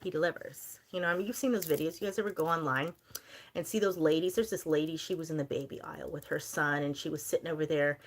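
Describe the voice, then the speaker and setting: A woman's voice: low voice, quick pace. Chatty young woman on a livestream. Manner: chatty, rambling, reads viewer comments aloud. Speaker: livestream host. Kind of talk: casual livestream chat.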